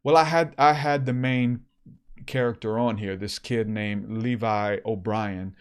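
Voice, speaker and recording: A man hosting a podcast, telling a story in a casual, animated way with plenty of fillers. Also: fairly low pitch, unhurried, smooth. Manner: animated, acts out quotes, many fillers. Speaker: podcast host.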